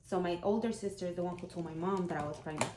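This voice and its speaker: A woman's voice: fairly low pitch, quick pace, background noise. A woman in her thirties, a vlogger, telling a personal story in a candid, heartfelt, conversational way. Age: 30s. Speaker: vlogger, single mom. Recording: roomy echo.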